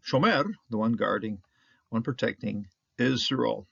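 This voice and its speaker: A man teaching a Hebrew Bible reading word by word, halting often with fillers and restarts. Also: medium pitch, vocal fry, dry recording. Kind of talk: Bible language lesson. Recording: dry, dull lo-fi.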